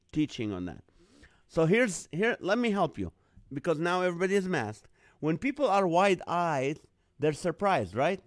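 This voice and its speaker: A man's voice: fairly high pitch, no room sound, clean studio sound. A man from the Middle East hosting a live online show, telling a comic story and acting out other people's lines. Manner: animated, acts out other people's lines in a jumped-up voice. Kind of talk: comedic storytelling monologue.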